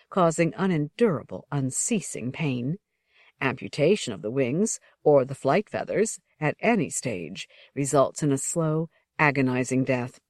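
A narrator reading a fantasy text aloud in a measured, unhurried way, pausing between short phrases. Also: mid-range voice, darkish tone, no room sound, studio quality.

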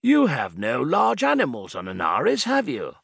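A man voicing an excited male official in an audiobook, eager and exclaiming in a raised voice. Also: medium pitch, moderate pace, vocal fry, slightly rough, no room sound, clean studio sound, heavily acted.

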